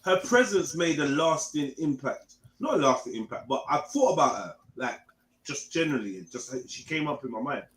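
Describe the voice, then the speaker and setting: Animated man in echoey room. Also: fairly high pitch, moderate pace. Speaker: livestream host. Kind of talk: casual panel chat. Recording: echoey room, faint noise.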